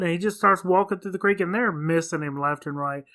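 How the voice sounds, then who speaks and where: A man's voice: high-pitched, a little fast, fairly bright tone. A man co-hosting a podcast, giving a casual, blunt retelling of movie scenes. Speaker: podcast co-host. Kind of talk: casual movie recap chat.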